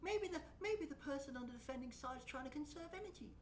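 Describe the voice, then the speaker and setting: A woman's voice: sits high, animated, fast, reverberant, recorded from a distance, a little hiss or hum. A woman VTuber streamer giving blunt, profane reaction commentary and ranting at what she watches.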